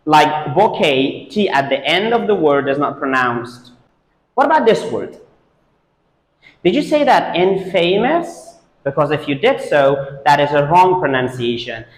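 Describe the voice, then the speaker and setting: Male pronunciation teacher, non-native speaker, unhurried delivery that repeats words for practice, echoey room with a long tail. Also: a little high, big pitch swings. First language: Persian. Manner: drills words slowly, repeating each several times. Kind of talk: pronunciation lesson.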